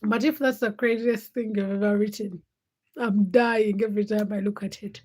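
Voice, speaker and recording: A woman's voice: medium pitch, steady tone, normal speed, a little mellow. A young woman from Uganda, a law student, chatting casually on a livestream and telling funny stories. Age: young adult. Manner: chatty storytelling with bursts of laughter. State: sleepy. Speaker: livestream host.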